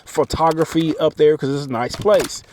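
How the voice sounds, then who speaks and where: A man's voice: on the high side, steady tone, normal speed, a little mellow. A man telling a personal story in a casual, chatty monologue, often checking in with the listener. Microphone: phone mic. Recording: clearly noisy background.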